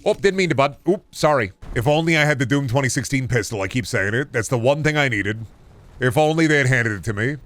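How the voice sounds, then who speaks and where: A young man from the American Midwest talks over his gameplay stream in a loose, joking way. He swears freely and slips into silly bits. His pitch swings around a lot as he riffs. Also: fairly bright tone. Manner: goofy, profane, jokey riffing with mock voices. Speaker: streamer playing a game. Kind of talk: casual gameplay commentary.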